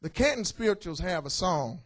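A man's voice: high voice, fairly quick, slightly rough. A man preaching a sermon as pastor, joking and calling out to his congregation. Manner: lively, joking preaching with call-outs to the congregation. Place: church.

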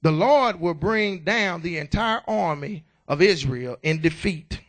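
A man's voice: on the high side, lively intonation, unhurried, few pauses. A man preaching a sermon, stammering restarts and repeated calls of "y'all" and "amen". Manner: stammering restarts, rising to shouts.

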